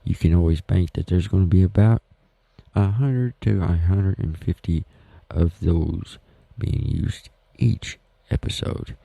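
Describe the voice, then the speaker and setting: A man with a Southern US accent hosts a casual home podcast, talking in a slow, rambling, folksy way. His voice is very low and dark, with a gravelly, slightly husky edge. The recording is dry and close. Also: dry recording, muffled recording. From Southern United States. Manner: rambling, folksy, self-deprecating. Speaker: podcast host. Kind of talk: casual solo podcast talk.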